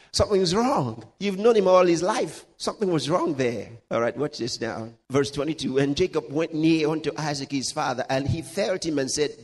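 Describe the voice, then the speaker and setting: A male pastor preaching a sermon, reading scripture aloud with laughs, dramatic pitch swings and slowed emphasis. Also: big-room sound.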